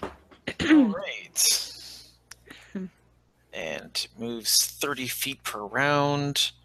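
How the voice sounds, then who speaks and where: A man playing a tabletop game who jokes playfully and often laughs. His voice is lively and bright, moving up and down freely. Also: medium pitch, extremely slow. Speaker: player. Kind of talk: casual tabletop play.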